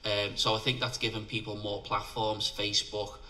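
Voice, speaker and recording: Liverpool filmmaker guest, middle-aged man, blunt and chatty, very bright tone, mic set back. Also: lowish voice, little pitch movement, moderate pace, slight background noise. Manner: chatty, blunt, laughs at himself. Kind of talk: casual interview. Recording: distant mic.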